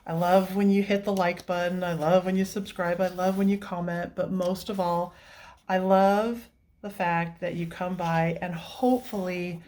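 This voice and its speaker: A woman's voice: lowish voice, fairly even intonation, normal speed, a little mellow. A woman hosting a coloring vlog, talking in a casual, gushing way and laughing often while teary and emotional. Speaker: coloring channel host.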